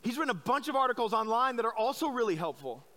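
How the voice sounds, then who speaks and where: Middle-aged male pastor from Iowa, high bright voice; candid, chatty preaching. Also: big pitch swings, quick pace. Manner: chatty storytelling with many likes and restarts; candid, self-deprecating. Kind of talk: conversational sermon. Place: church service.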